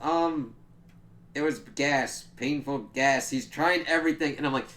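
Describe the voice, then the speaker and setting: This comic book review comes from a man whose medium-pitched voice is a bit bright and moves at a measured pace. His talk is loose and meandering, packed with fillers and cursing, and he performs the characters' reactions aloud.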